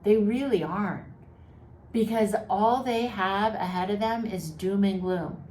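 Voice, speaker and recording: A woman's voice: medium pitch, unhurried, a little mellow. A woman vlogger giving mental health advice straight to her viewers, sympathetic and chatty with a teasing, sarcastic edge. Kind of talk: direct-to-camera advice talk. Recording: roomy echo with faint background noise.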